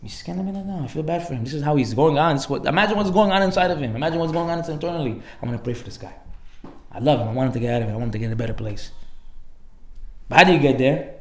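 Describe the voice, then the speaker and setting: In an echoey room, a fast-talking rabbi with a high-ish male voice delivers a lively, informal Torah lecture. He brings characters to life through animated storytelling and abrupt loud outbursts, while dropping Hebrew and Aramaic words into casual English.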